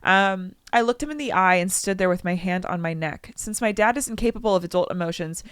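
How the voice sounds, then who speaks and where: A young woman co-hosting a podcast reads out a listener's story in casual conversation, pausing for jokes and commentary and voicing quotes loudly. Her voice is fairly low, brisk and clean, recorded at studio quality with no room sound.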